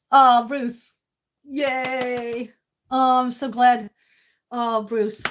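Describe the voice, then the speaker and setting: Woman, 50s, from Maine, livestream host; emotional, gushing, slightly high voice. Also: steady tone, measured pace. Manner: gushing and emotional, swings between tearful and loud squealing laughter. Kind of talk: casual livestream chat. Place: home kitchen.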